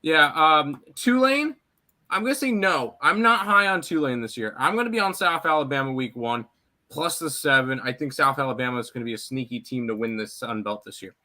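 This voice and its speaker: A man's voice: mid-range voice, lively intonation, brisk, bright, forceful tone. A man giving sports betting picks in casual chat, blunt, with frequent fillers.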